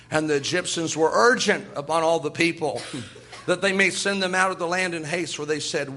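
Guy preaching a sermon, high bright voice, fervent, reads scripture. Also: normal speed.

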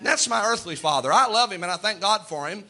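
A middle-aged man preaching a sermon in a church. His voice sits very high and sounds strikingly bright and ringing. He tells homey stories, stumbling and restarting as he goes. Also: animated, a little fast. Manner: folksy storytelling with repeated restarts.

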